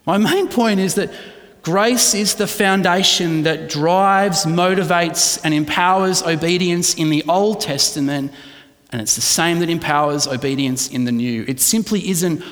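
A man's voice: fairly high pitch, unhurried, fairly bright tone, long reverb tail. A man preaching a conversational sermon, often checking in with his listeners. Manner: conversational, asks the congregation "right?" often. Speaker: pastor.

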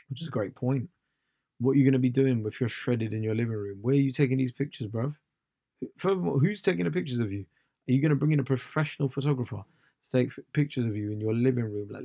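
A man's voice: mid-range voice, fast, gravelly, mellow, no room sound. A British man hosting a podcast, a stand-up comic delivering a slangy, ranting comedic monologue. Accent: British English.

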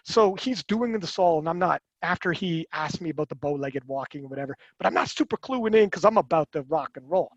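A high-pitched man holds forth in a rambling, animated podcast chat, restarting his sentences and swearing as he goes. His voice sounds dry and close, yet dull, as if the sound were muffled. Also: a little fast, hardly any pauses, no room sound.

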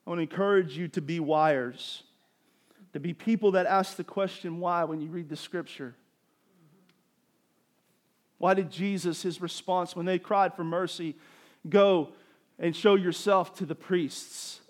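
A man preaching a sermon, building to emphatic bursts and dropping to quieter explanation. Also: high voice, unhurried. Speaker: pastor.

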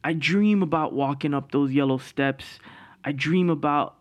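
A man's voice: fairly high pitch, measured pace. A man hosting a podcast, telling a story in a casual, profane way and laughing through it. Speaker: podcast host.

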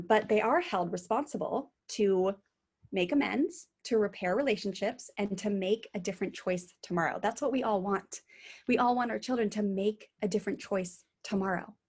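A woman's voice: mid-range voice, slightly rough. Woman, thirties, parenting coach, casual chat, earnest, acts out quotes. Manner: earnest, animated storytelling with acted quotes.

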